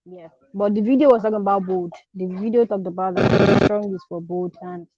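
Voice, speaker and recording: Online class student, hesitant, warm voice, lo-fi dry call audio. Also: medium pitch, steady tone, fairly quick, no echo. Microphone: video call.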